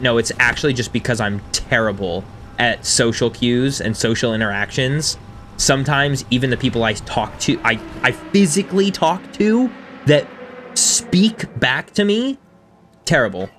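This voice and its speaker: A man in his thirties streaming a game and chatting with his viewers in a casual, self-deprecating way, with quiet music underneath. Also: mid-range voice, a little hiss or hum. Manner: chatty and self-deprecating, reading chat aloud. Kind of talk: casual live-stream chat over gameplay.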